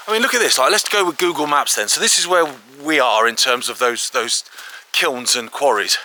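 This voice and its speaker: Excitable man with a very bright voice. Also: mid-range voice. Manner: chatty and excitable, with frequent filler asides. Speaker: host of walking exploration videos. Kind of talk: casual walk-and-talk to camera. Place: outdoors in fields, woods and an old quarry.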